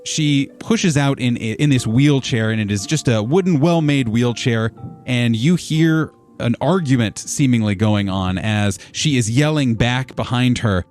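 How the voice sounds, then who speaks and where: A man running a tabletop game as game master, describing scenes in a relaxed, rambling way with frequent fillers. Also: medium pitch, measured pace, soft background music.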